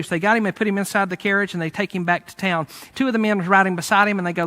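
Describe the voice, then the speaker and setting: A man preaching a sermon, retelling a story in a lively, conversational way with fillers. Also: high voice, rapid-fire, few pauses. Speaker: pastor.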